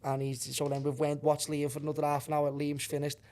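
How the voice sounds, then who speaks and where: Scouse guy, pretty high voice, swears a lot, rambling animated storytelling. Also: a little fast. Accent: Liverpool (Scouse). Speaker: guest, band singer. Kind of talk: casual storytelling.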